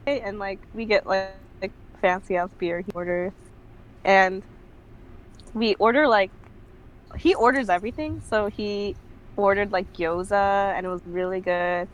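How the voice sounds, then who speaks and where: A woman's voice: mid-range voice, a little slow, long pauses, lo-fi sound, a little hiss or hum. A young woman telling a casual story as a podcast guest, her talk full of "like". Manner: chatty, fills speech with "like".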